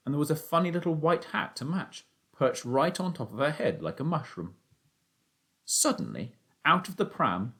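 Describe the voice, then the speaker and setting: Expressive male audiobook narrator. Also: medium pitch. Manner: expressive storytelling, narrating as a boy. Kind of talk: audiobook reading of a children's novel.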